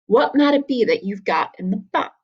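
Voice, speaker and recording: A woman doing a slow, deliberate stranger. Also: on the high side, lively intonation, husky, lo-fi sound. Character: deliberate male stranger in a mining camp.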